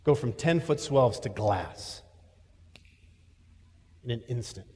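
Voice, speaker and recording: Man pastor for a sermon, storytelling delivery that swings loud to quiet, mid pitch, church hall reverb. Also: animated, takes it slowly. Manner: storytelling, shifting from loud to hushed.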